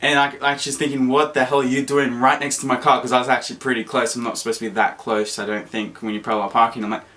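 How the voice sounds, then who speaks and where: A young man telling a story to camera in a casual, excitable vlog, full of fillers and acted-out quotes. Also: mid-range voice, quick pace, hardly any pauses. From Australia. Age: young adult. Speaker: vlogger.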